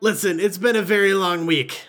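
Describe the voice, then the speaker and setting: A man voicing a weary, fussy male hobgoblin shop assistant with a scratchy voice and a brisk, clerkish manner. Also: high voice, sharp tone, faint music behind, pitched above the performer's own voice. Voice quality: scratchy, English-sounding.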